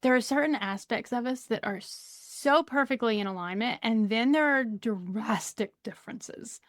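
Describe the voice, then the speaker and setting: A woman's voice: fairly high pitch, moderate pace, no echo, studio quality. A woman with a Southern US accent, a podcast guest chatting casually, rambling and laughing often. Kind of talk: casual conversation.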